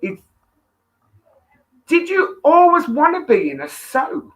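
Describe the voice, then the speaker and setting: A woman's voice: sits high, very animated, slow. A woman with a Birmingham accent hosting a casual interview, effusive and enthusiastic. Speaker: host.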